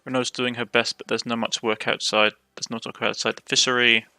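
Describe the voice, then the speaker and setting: A let's play host from Cornwall, England, speaks with a Cornish accent in a medium-pitched, gravelly voice that's level, sharp in tone, and fairly quick. He reads the game's text aloud and comments as he plays, often stumbling and correcting himself.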